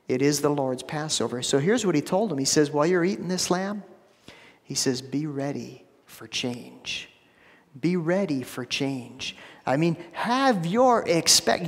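A man preaching a sermon as pastor, emphatic, repeating phrases and dropping to a hushed low voice for stress. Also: in a large hall. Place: church sanctuary.

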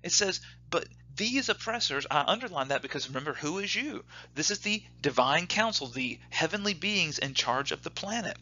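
Bright-voiced man teaching a Bible class. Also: a little high, normal speed, few pauses. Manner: lively teaching, asks rhetorical questions, reads scripture aloud. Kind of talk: church class lecture. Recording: dull lo-fi recording.

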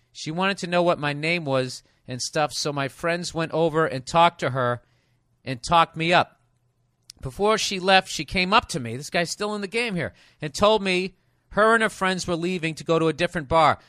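A forceful, middle-aged man hosts a comic advice podcast, reading letters and mocking them in loud, profane riffs. His voice sits fairly high and comes through on a dry, close studio mic. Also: no echo. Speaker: podcast host.

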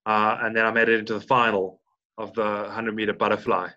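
On a dull-sounding, lo-fi recording of a casual podcast interview, a South African man in his thirties, once a Paralympic swimmer, rambles with frequent restarts and fillers. His voice is on the low side, pushed and bright, delivered flatly and a little fast.

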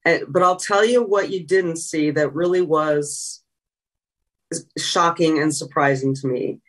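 A woman's voice: low-pitched, a little slow, recorded from a distance. A woman in a conversational interview, a former sideline reporter, telling reflective and emotional stories. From California. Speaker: guest, retired sideline reporter.

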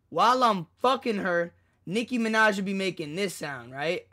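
A young man streaming a casual reaction chat, crude and excitable, jumping between loud outbursts and low mutters into a desk mic. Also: moderate pace, slight background noise. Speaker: streamer reacting to a music video.

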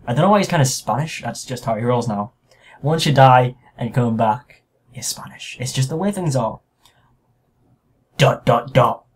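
A man's voice: mid-range voice, lively intonation, normal speed, breathy edge. Crude, joking man doing game commentary. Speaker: gaming video host. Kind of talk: let's play commentary.

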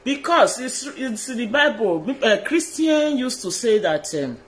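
Speaking unhurriedly in a very high, sing-song, fairly bright voice, a social media personality from Edo State, Nigeria, addresses viewers directly in a video message, with a little hiss or hum in the background. He has a Nigerian accent and pleads deferentially, repeating phrases and mixing pidgin with colloquial English.

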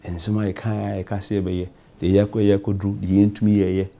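In a talk show interview blending English and Twi, a Ghanaian parliamentarian answers at length and repeats himself. His voice sits on the low side with a creaky, dark tone, normal speed and little pitch movement.

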